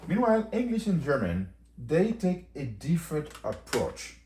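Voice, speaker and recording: A man giving a casual language lesson, chatty, saying phrases again slowly for learners. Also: on the high side, big pitch swings, darkish tone, reverberant, a little hiss or hum. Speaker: language teacher.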